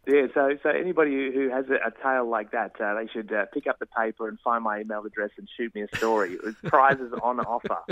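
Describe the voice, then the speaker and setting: A man's voice: mid-range voice, fast, few pauses, a bit bright, no echo, muffled recording. An Australian man chatting on radio as a newspaper columnist, telling stories with amusement. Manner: amused, storytelling. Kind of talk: casual radio chat.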